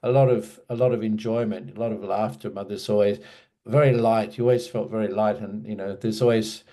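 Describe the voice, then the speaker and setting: A man's voice: lowish voice, fairly even intonation, fairly quick, dark tone. A man in his sixties from Australia, a guest in an interview who reminisces in a meandering, restarting way. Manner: meandering storyteller, many restarts and asides.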